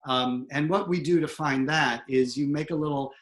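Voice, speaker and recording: A man's voice: fairly high pitch, moderate pace, a bit bright. A middle-aged man, a theatre professor, explaining accent technique and breaking off to demonstrate sounds.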